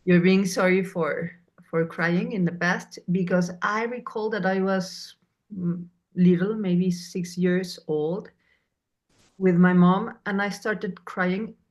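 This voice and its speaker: A woman speaking slowly and thoughtfully in a podcast conversation, often pausing to search for words. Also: lowish voice. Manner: slow, measured, searching for words. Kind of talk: reflective conversation.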